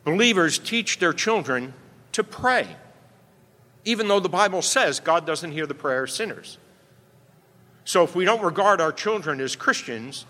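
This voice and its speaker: A man's voice: on the high side, sharp tone. A male pastor preaching a sermon emphatically, often checking in with "right?". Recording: long reverb from a hall.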